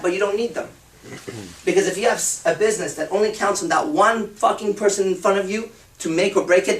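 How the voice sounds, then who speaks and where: Brief: profane, emphatic male seminar speaker, a bit high, heard from a distance in an echoey room. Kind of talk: live seminar talk. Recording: roomy hall, speaker off-mic.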